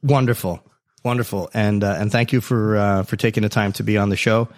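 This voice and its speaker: A man's voice: fairly low pitch, little pitch movement, brisk. A man hosting an interview podcast, jokey and encouraging, bantering with his guests. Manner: jokey, encouraging, repeats catchphrases. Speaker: podcast host. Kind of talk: casual interview chat.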